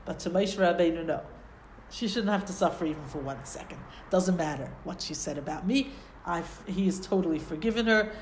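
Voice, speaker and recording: A woman's voice: on the low side, a little fast, a little hiss or hum. A woman giving a Torah lesson, explaining Hebrew phrases and asking rhetorical questions. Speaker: Torah teacher. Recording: roomy echo.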